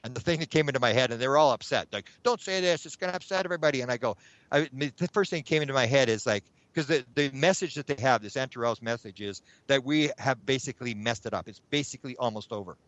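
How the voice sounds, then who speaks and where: A man's voice: mid-range voice, fast talker, no room sound. A middle-aged man, telling a long story as a guest and acting out his own thoughts along the way. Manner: animated, acts out his own past thoughts. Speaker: guest, UFO researcher. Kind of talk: rambling anecdotal storytelling. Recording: dull lo-fi sound.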